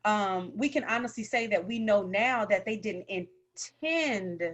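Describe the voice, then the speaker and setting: Woman podcast host, casual and encouraging, mid-pitched voice. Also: a little slow. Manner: warm encouraging, affirming. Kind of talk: casual conversational interview.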